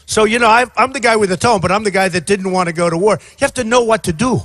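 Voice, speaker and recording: Man in his sixties, high voice, rally speech, rambling, repeats himself, shouts. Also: fast talker, no echo, clean studio sound. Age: 60s. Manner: rambling and repetitive, often shouting to a crowd. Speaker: presidential candidate. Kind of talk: off-the-cuff campaign rally speech. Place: outdoor airport rally.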